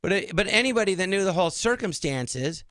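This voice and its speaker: A man's voice: sits high, lively intonation, fast talker, a bit bright, no echo. A man guesting as a comedian on a radio studio show, telling stories indignantly and acting out the exchanges he describes. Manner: indignant, rambling, acts out quoted exchanges. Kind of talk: animated storytelling in a studio interview.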